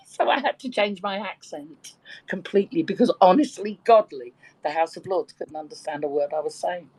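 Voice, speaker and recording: A woman's voice: on the low side, expressive, normal speed, darkish tone, husky, rough recording. A woman in her sixties from Birkenhead with a London accent, telling bawdy stories and laughing often in a casual group chat. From Birkenhead, England. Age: 60s. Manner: bawdy, chatty storyteller who laughs often.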